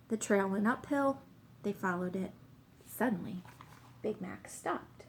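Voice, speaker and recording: A woman narrating a children's story, reading aloud in a plain, measured way. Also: mid-range voice, creaky, a little hiss or hum.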